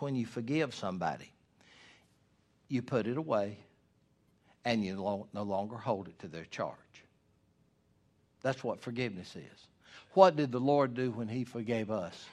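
A middle-aged man, preaching a sermon as pastor, swinging from loud emphasis to hushed asides. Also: mid-range voice.

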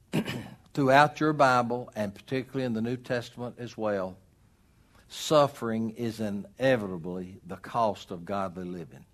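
A middle-aged man preaching a sermon as pastor, swinging between loud emphatic rises and quiet drops. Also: on the low side.

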